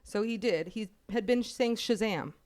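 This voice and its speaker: Podcast co-host, woman in her 30s, swears a lot, lively storyteller who laughs easily. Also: mid-range voice, a little hiss or hum. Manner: profane, animated, quick to laugh. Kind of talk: casual storytelling chat.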